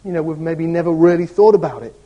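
Assistant pastor, middle-aged, conversational sermon, fairly high voice. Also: male voice, quick pace, dark tone, dull audio. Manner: conversational, asks rhetorical questions.

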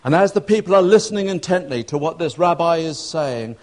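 Storytelling preacher, higher voice. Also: male voice, expressive, brisk. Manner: storytelling preacher, acting out shouts and quotes with rising pitch. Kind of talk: sermon.

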